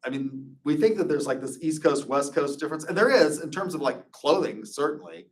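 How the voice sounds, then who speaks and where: A man's voice: fairly high pitch, animated, fairly quick, recorded from a distance. A man giving an informal classroom lecture, chatty and anecdotal, drifting into loose personal stories. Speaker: instructor.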